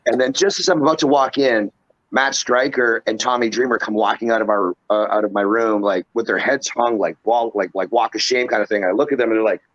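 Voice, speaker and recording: A middle-aged man, a pro wrestler, telling a wild road story as a guest, animated and profane. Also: lowish voice, a little fast, no echo, lo-fi sound. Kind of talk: casual storytelling interview.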